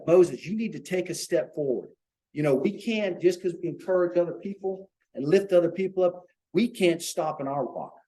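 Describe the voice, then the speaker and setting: A man's voice: on the high side, expressive, moderate pace, dark tone, poor audio. A man leading an informal Bible study for a small group, talking earnestly and checking in with rhetorical questions.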